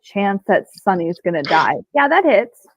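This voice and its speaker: A woman's voice: medium pitch, big pitch swings, moderate pace, lo-fi sound. A woman playing a tabletop game who swears freely and argues her case with the game master. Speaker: player.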